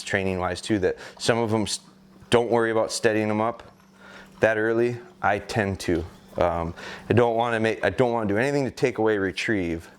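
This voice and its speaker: A middle-aged American man, a gun dog trainer, calmly explaining a training session and hesitating with fillers as he goes. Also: low voice, clean tone. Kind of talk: instructional talk during a training session.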